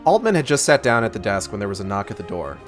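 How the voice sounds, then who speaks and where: Low-voiced man reading a novel. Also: very animated, fast talker, faint music behind. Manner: casual, stops to correct misreads. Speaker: streamer reading a novel aloud. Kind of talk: book club reading on a livestream.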